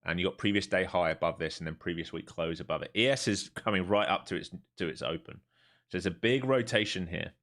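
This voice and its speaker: Streaming his futures trades live, a man from England keeps things chatty, cracking fast jokes and laughing a lot between his chart and price-level calls. He speaks in a low pitch that's a bit bright.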